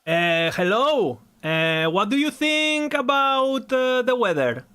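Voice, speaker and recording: A man voicing an excitable, chummy Spanish man with a Spanish accent, in a drawn-out, sing-song way that pesters with questions. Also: extremely high pitch, smooth, voice pushed up, full character voice. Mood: teasing.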